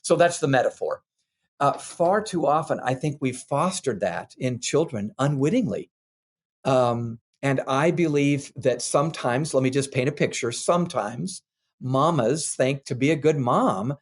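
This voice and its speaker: An older man, a parenting expert, telling earnest, animated anecdotes as a guest in a candid interview. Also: mid-range voice, unhurried.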